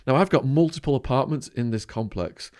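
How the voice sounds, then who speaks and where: A man from Widnes with an English accent, a podcast guest telling animated stories, swinging between loud bursts and quiet asides. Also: mid-range voice, brisk. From England, Widnes. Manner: animated anecdotes with swearing and sudden quiet asides. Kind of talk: storytelling in conversation.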